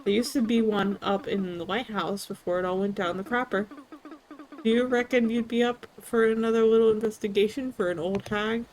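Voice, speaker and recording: A woman's voice: medium pitch, fairly even intonation, a little fast, darkish tone, lightly acted, rough recording. A woman voicing a kindly, wistful old grandmother in a cozy video game, reading her dialogue aloud with a folksy, reminiscing manner.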